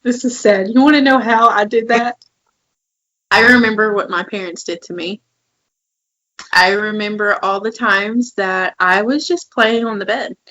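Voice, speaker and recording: A woman's voice: medium pitch, a bit bright, lo-fi sound. A woman in her twenties co-hosting a podcast, telling candid personal stories in casual chat and acting out quoted lines. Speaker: podcast co-host.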